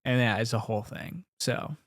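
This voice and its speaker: A young man from Indiana co-hosts a relaxed podcast conversation. He teases and jokes, stretching words out when he wants to make a point. His voice sits at an ordinary middle pitch. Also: normal speed. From Indiana, USA. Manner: playful, teasing, exaggerated emphasis. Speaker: podcast co-host. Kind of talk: casual chat.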